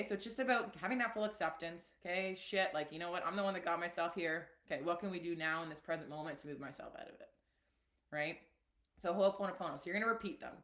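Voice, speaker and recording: A woman coaching on a live stream in a loose, chatty way, full of asides and fillers. Her voice sits somewhat low, and the room adds a noticeable echo. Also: fairly bright tone. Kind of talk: casual live-stream teaching.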